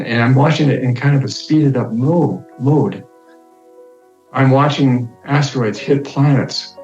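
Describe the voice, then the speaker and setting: A man telling the story of his near-death experience in the first person, slow and reflective, his voice climbing high when he gets excited. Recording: roomy, slightly dull sound with faint music.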